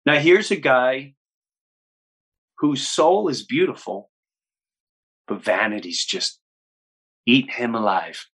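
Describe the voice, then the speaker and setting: Forceful, husky man telling stories. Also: medium pitch, slow pace, long pauses. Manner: animated, acts out quotes in other voices. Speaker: guest comedian. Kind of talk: storytelling in an interview.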